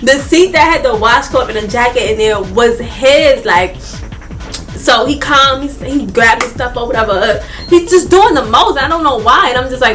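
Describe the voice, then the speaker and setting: A young woman telling a storytime on her vlog, animated and slangy, often breaking into laughs. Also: high voice, brisk, soft background music. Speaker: vlogger. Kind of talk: casual storytime.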